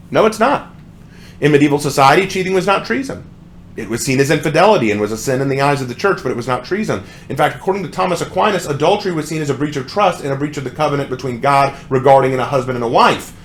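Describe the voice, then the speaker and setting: A man's voice: medium pitch, expressive, fast, slight background noise. A young adult man ranting sarcastically as a song reviewer, with exasperated commentary.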